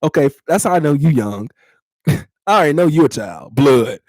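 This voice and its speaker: A man's voice: fairly high pitch, big pitch swings, brisk, a little mellow, no room sound, studio quality. A man in his thirties hosting a casual podcast, talking bluntly to his live chat, teasing and laughing often. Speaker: podcast host.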